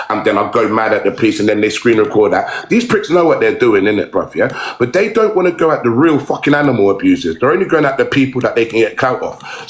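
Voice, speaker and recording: A man goes on an aggressive, profane rant during a phone livestream. He repeats his taunts and jabs at his target again and again. The sound carries a roomy echo. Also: medium pitch. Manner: aggressive, swearing, repetitive taunts.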